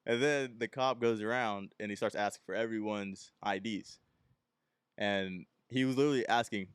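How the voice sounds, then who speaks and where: Hosting his own podcast, a young man from Texas spins a meandering tale and voices the characters himself in a casual solo style. He speaks at normal speed with a fairly low, clear, resonant voice, recorded dry in a clean studio.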